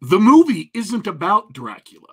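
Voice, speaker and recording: Husky rambling man, joking chat. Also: sits high, wildly swooping pitch, normal speed, fairly bright tone. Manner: rambling, joking, many restarts. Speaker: podcast co-host. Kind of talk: casual chat.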